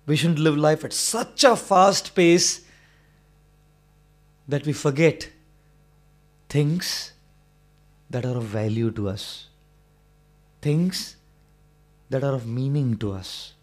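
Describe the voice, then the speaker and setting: A spiritual speaker telling a moral story to a live audience, animated and dramatic, with spoken sound effects. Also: male voice, mid-range voice, slow pace, long pauses. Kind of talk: storytelling talk. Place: live talk before an audience in England.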